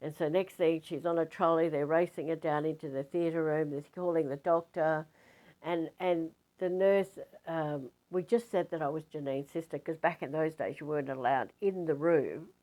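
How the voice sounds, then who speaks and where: Low-voiced older woman storyteller. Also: rough recording. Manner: rambling, animated retelling with fillers. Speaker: spiritual teacher. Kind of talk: casual storytelling.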